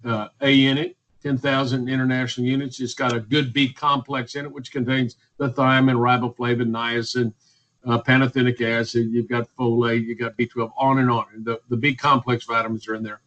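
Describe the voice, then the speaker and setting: A man's voice: medium pitch, little pitch movement, brisk, fairly bright tone, muffled recording. A man, speaking as a physician guest in a radio interview, emphatic and repetitive, listing points one by one. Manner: emphatic, repetitive, list-making.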